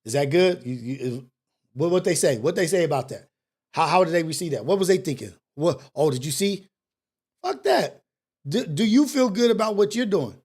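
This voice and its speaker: A man's voice: a little high, expressive, moderate pace, darkish tone, husky. A man hosting a talk show, delivering a preachy monologue with street slang and repeated rhetorical questions. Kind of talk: impassioned monologue.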